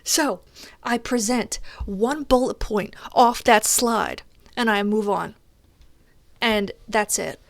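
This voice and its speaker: A young woman streamer chatting casually while gaming, telling a story in an animated way and swearing often. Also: on the high side, slow pace, gravelly, no echo.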